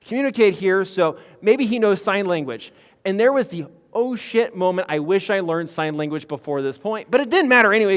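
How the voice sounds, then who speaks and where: A physician assistant appearing as a guest tells a story in a lively, up-and-down voice that's slightly high for a man, clear and resonant. He speaks frankly and casually, dropping fillers and the occasional swear word. A long reverb tail hangs on the audio.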